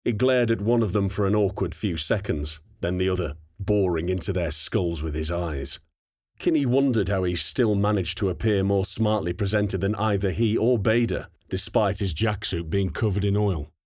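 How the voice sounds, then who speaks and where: Man, audiobook narrator, low voice, husky, steady measured reading, dry close recording. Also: no echo.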